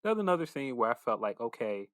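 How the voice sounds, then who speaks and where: A man's voice: medium pitch, sing-song, fast talker, no echo, low-quality recording. A man co-hosting a podcast, agreeing with the others and stretching out his complaints about a film. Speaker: podcast co-host. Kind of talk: casual movie review chat.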